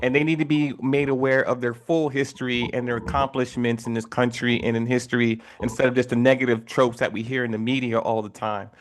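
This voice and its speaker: A man co-hosting a casual panel discussion, reflective, pausing with fillers and restarting phrases. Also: medium pitch, little pitch movement.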